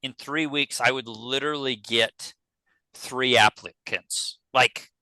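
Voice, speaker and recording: A man's voice: mid-range voice, fairly even intonation, slow pace, bright, forceful tone, no room sound, poor audio. A man, a podcast guest telling a business story casually and acting out the dialogue he quotes. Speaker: podcast guest, pest control business owner.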